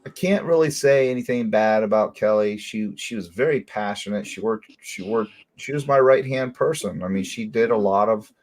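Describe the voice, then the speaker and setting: A man hosting a casual talk show, telling stories in a rambling, animated way full of restarts. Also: lowish voice, moderate pace, hardly any pauses. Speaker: crime talk show host. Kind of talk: casual chat.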